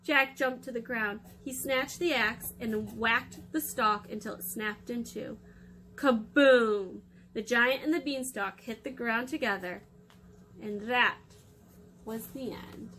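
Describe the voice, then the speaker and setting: A woman reading a fairy tale aloud for children with lively, expressive storytelling. Her voice is bright and clear, pitched a little high, and it rings out. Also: slow pace, slight background noise.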